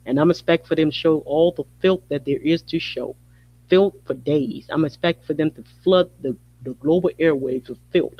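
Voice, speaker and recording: A man's voice: on the high side, breathy edge, lo-fi sound. A man hosting a podcast, delivering a heated, repetitive rant. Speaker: podcast host. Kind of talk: angry monologue.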